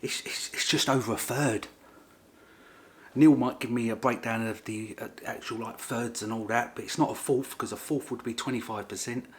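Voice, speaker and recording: A man's voice: mid-range voice, fairly even intonation, moderate pace. A man vlogging casually to camera, playful and fond of repeating his punchlines for effect. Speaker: vlogger sharing DNA results.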